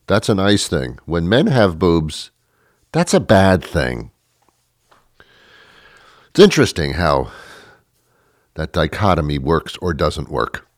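Guy ranting sarcastic to camera, kinda low voice that jumps all over, dry sound. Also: no echo. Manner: sarcastic, rambling, stammering restarts. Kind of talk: comedic rant to camera.

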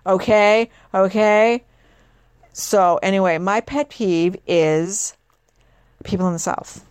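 A woman hosting a casual talk show, rambling and sarcastic with quick asides. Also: medium pitch, a little mellow, clear, resonant tone, no room sound. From northeastern United States. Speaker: host. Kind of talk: casual chat.

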